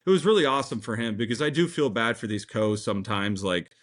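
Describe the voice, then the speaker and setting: A young man telling a long story in a casual interview, rambling and excitable, full of fillers and restarts. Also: mid-range voice, fast. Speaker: tournament fishing pro, guest.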